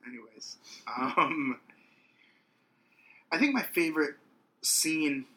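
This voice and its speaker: A man co-hosting a podcast, talking casually about a film and now and then bursting into loud quoted yells. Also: a little high, slow pace. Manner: animated, bursts into loud yells when quoting. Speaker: podcast co-host. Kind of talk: casual chat.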